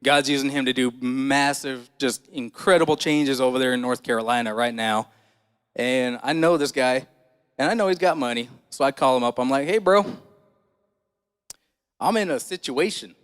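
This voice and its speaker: A man's voice: medium pitch, fairly even intonation, moderate pace, clear, resonant tone. A man preaching a sermon, telling a personal story in a folksy, conversational way and asking the congregation questions. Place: church hall. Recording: church hall reverb.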